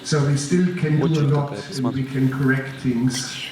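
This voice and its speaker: A man with a German accent giving a master class, telling his story in a slow, deliberate, grave way and answering audience questions. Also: medium pitch, steady tone, a crowd in the background. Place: large lecture hall. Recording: echoey hall, distant mic, faint noise.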